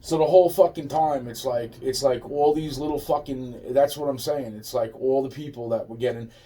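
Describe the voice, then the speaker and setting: A man's voice: medium pitch, steady tone, moderate pace, mellow, recorded from a distance, slight background noise. A man in a rambling, profane monologue, restarting his sentences again and again.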